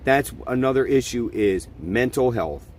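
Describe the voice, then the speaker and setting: A man's voice: mid-range voice, expressive, unhurried, slight background noise. A middle-aged man hosting a podcast, delivering a blunt, profane opinion monologue in a ranting manner. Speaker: podcast host.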